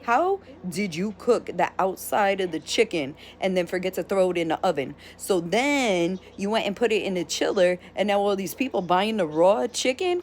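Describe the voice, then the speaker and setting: A woman vlogger telling a story in a casual, animated rant, blunt and sometimes profane. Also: medium pitch.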